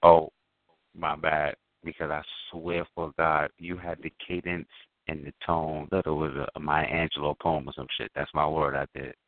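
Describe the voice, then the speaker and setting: Brief: very low male voice, middle-aged co-host, loose and profane, dry tinny line. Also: level tone, moderate pace, no echo. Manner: loose, profane, talks in slang with many fillers. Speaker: podcast co-host. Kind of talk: casual chat. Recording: dry, phone-like lo-fi sound.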